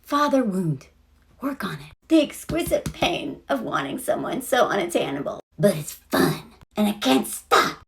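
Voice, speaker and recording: A woman's voice: mid-range voice, big pitch swings, a little slow, vocal fry, slight background noise. A woman giving a blunt, sarcastic, exasperated rant about a TV show. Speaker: video creator.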